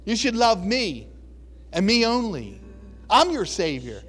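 A man's voice: high-pitched, sing-song, a little slow, fairly bright tone, faint music behind, pitched above the performer's own voice, exaggerated voice. A man preaching while voicing an almighty God who declares and thunders with commanding authority.

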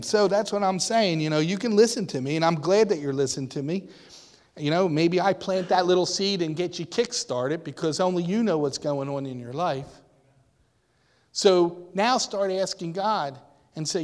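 A man's voice: high-pitched, animated, moderate pace. A man preaching a sermon, speaking emphatically and asking the congregation questions. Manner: emphatic, rising and falling, asks the congregation questions. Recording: long hall reverb.

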